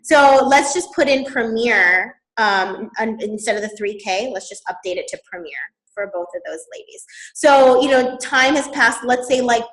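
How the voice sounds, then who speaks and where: A woman, a network marketing leader, explaining business strategy in an animated way, laughing often. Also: fairly high pitch, normal speed, hardly any pauses, roomy sound, poor audio.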